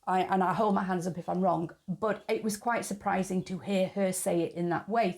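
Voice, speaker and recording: A woman's voice: mid-range voice, vocal fry, darkish tone. A woman hosting her own channel, talking frankly in a chatty opinion monologue and laughing at her own jokes. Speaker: YouTube channel host.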